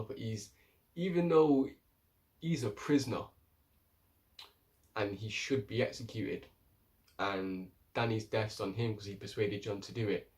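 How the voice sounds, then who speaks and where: Man, casual episode recap, blunt slang, middle pitch, distant mic. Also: darkish tone. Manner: blunt, slangy, swears freely. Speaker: TV episode reviewer.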